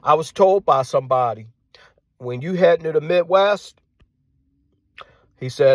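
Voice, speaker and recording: A man rants in a combative monologue, hammering the same lines again and again and throwing out rhetorical questions. His voice sits fairly high, at times sinking to a hushed tone. The recording is close and dry, with no room sound. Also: measured pace, no echo. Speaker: commentator. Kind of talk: ranting monologue.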